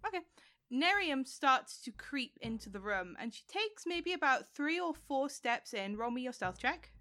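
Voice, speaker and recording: A woman narrating a tabletop game as game master, setting scenes in a descriptive, unhurried way. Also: high-pitched, sing-song, bright, forceful tone.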